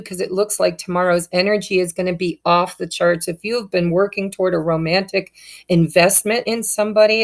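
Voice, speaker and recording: A woman giving a casual tarot reading, speaking straight to her viewers in an upbeat, encouraging way. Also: on the low side. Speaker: tarot reader.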